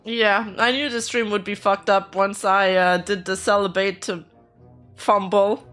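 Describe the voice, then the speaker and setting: A woman's voice: medium pitch, flat delivery, a little slow, a bit bright, faint music behind. A young woman streaming live, chatting casually with her viewers in a blunt, teasing way and laughing often. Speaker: streamer reacting to viewer clips.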